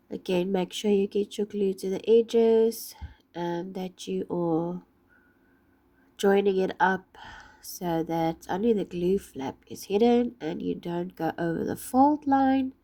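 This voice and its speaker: A woman with a husky voice from being ill, patiently explaining each step of a craft project. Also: mid-range voice, dark tone. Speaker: craft tutorial maker.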